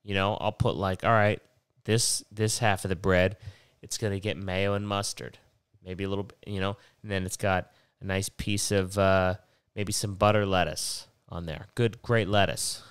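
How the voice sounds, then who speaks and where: Low, smooth man with a stuffy cold. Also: level tone, moderate pace, no echo, studio quality. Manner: rambling, profane, digressive. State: sick with a stuffy, nasal voice. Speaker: podcast host. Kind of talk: rambling casual monologue.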